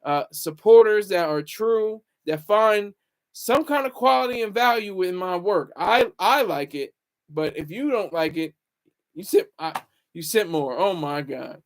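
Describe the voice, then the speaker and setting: Man, high voice, casual livestream chat, rambling, answers viewers. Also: animated, unhurried. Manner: rambling, talks back to viewer comments. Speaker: livestream host.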